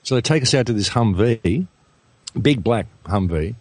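An Australian man with a very low voice tells a story as a radio guest. He is animated and acts out the quotes, and the sound is dry and close. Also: normal speed, dry recording. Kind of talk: storytelling an anecdote.

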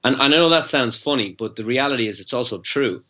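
A man's voice: mid-range voice, lively intonation, fast talker, bright, forceful tone. A man, a guest in an interview, telling a long rambling anecdote and acting out the dialogue, with frequent restarts. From Ireland. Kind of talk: interview storytelling.

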